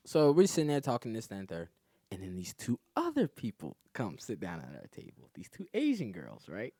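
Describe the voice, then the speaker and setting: A man's voice: on the low side, huge pitch swings, moderate pace, pauses often, darkish tone, slightly rough, no room sound, studio quality. A man, a comedian guest on a podcast, telling a story in a casual, profane way and often saying "you know what I'm saying". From New York.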